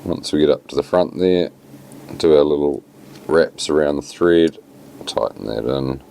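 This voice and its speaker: A New Zealand man explains how to tie a fly in an easygoing, unhurried way, dropping plenty of ums along the way. His voice sits extremely low with a gravelly rasp. Faint background noise hums under it. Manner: relaxed, plain-spoken, lots of fillers. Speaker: fly tying instructor. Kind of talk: casual step-by-step tutorial.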